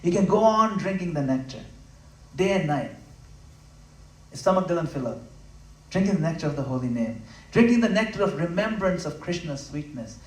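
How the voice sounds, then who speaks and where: Speaking at a home gathering, this spiritual speaker delivers an expressive, impassioned devotional talk that swings between loud emphatic moments and quiet, intimate asides. His tone stays conversational as he briefly mimics listeners' voices, and the roomy recording is captured from a distance.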